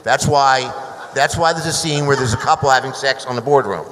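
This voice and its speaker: A man on a panel telling a long behind-the-scenes story, restarting often and turning animated when he quotes others. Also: medium pitch, brisk, a little hiss or hum. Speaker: screenwriter guest. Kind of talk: anecdotal panel talk. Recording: hall reverb.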